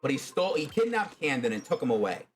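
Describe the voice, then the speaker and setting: Animated man telling a fan story. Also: mid-range voice, fast talker, faint music behind. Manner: animated, rambling, many fillers. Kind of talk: casual spoken storytelling.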